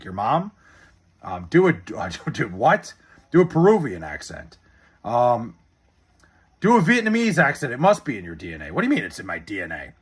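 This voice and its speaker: Young new guy streaming, swears a lot, rambly, voice jumps all over the place, kinda high. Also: a bit bright, breathy edge. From Long Island, New York. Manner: profane, rambling, jokey. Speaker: livestream host reading chat. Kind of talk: casual live-stream chat.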